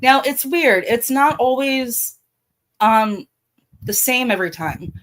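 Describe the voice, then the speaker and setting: A woman's voice: on the high side, expressive, slow, fairly bright tone, rough recording. Blunt Baltimore woman chatting on a livestream. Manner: blunt, profane, talks straight to chat. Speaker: livestream host. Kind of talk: casual livestream chat.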